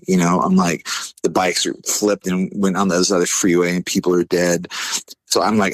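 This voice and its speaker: A man telling a story casually, laid-back, full of fillers, acting out quotes in a higher voice. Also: brisk, no echo. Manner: animated, acts out quotes in a higher voice. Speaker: podcast guest.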